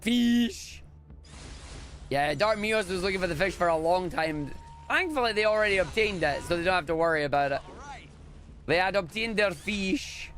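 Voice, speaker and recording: A Scottish man streaming a speedrun, talking casually with jokes and sudden excited exclamations. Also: high voice, normal speed, slight background noise. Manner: excitable, jokey, bursts into loud exclamations. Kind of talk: casual live-stream commentary. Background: game music.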